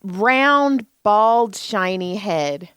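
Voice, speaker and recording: This time the podcast co-host speaks very slowly in a clear, resonant, mid-range voice, recorded clean in a studio with no echo. Telling a comic story casually, she animates every character's lines and laughs and swears a lot.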